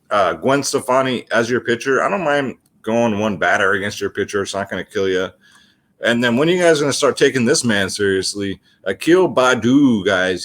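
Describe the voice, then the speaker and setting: A man runs through his daily fantasy baseball picks in a loose, chatty way, calling his viewers "guys." His voice sits at a middling pitch but swings widely and expressively from phrase to phrase. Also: fairly bright tone. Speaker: fantasy sports picks host. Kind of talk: casual sports picks video.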